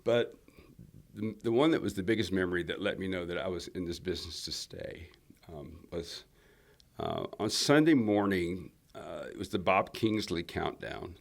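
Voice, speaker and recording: A low, gravelly male voice with lively intonation at a normal speed. He's a country singer from Alabama, USA, telling rambling stories in a casual interview, with many restarts and fillers.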